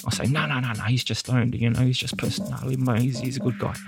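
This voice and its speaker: A man with a New Zealand accent tells his own story for a podcast. His voice has a gravelly, fry-laden texture at a middling pitch, and he slips into the voices of the people he quotes. Faint music sits underneath. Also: fast. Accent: New Zealand English. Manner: lively storyteller acting out quoted dialogue, laughing often. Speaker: podcast guest. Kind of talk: personal storytelling.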